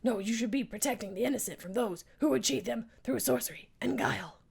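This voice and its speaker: A woman voicing a gruff, repentant male spork monster in a strained, gravelly voice, solemn and theatrical. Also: on the high side, brisk, crowd noise.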